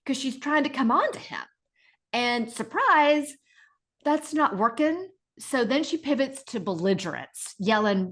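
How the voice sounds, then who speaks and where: A middle-aged woman co-hosting a casual podcast, retelling stories in an animated way and acting out the people in them. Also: high voice, measured pace. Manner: animated retelling with acted-out voices. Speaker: podcast co-host.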